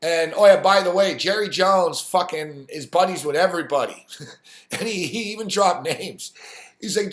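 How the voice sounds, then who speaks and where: A man ranting on a sports live stream, swearing freely and acting out the people in his story. His voice sits a little high, and the room gives it a clear echo. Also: moderate pace, fairly bright tone. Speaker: sports talk host. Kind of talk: profane live-stream rant.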